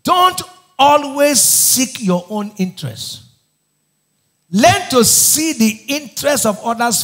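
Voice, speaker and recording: High-voiced pastor preaching. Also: male voice. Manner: call-and-response questions to the congregation; emphatic preaching, often raising his voice. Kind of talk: sermon.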